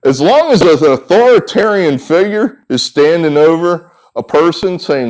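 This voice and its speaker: A man's voice: a little high, animated, a little slow, few pauses, darkish tone. A man, a sports handicapper, giving an indignant, sarcastic opinion monologue and acting out the people he quotes. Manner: indignant, acts out quoted voices.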